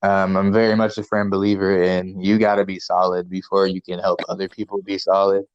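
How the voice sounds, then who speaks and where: A man's voice: sits low, completely flat delivery, a little fast, no room sound. Male co-host, laid-back and rambling, casual swearing, muffled dry sound. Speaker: podcast co-host. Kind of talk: casual chat.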